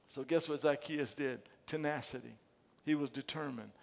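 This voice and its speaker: A fervent male preacher with a fairly high voice. He stumbles into repeated words and swings from quiet asides to shouted emphasis. His voice rings with the long echo of a large hall. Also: steady tone, normal speed, vocal fry. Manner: stammering restarts and repeated words. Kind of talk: sermon.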